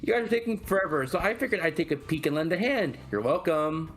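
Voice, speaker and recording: A man's voice: fairly high pitch, expressive, quick pace, soft background music, lightly acted. A man voicing a cocky, showy young man with a breezy valley-girl-like lilt, as fan voice acting of a game script. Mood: smug.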